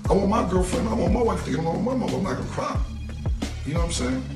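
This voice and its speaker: A man's voice: high voice, animated, rapid-fire, over music. A man in a played interview clip, talking casually and animatedly, repeating himself and swearing freely. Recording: roomy echo, distant from the mic.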